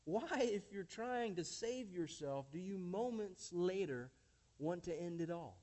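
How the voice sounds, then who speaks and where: A man with a notably high voice delivers a sermon from the pulpit. He speaks emphatically to his congregation, calling them friends and church. He keeps turning points into rhetorical questions. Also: lively intonation, measured pace, darkish tone. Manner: addresses listeners as friends and church. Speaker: pastor.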